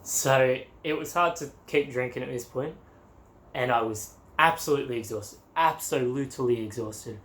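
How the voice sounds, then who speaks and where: A man's voice: mid-range voice, moderate pace, fairly bright tone, slight background noise. A young Australian man, a travel vlogger, telling a story casually and animatedly, laughing and acting out quotes.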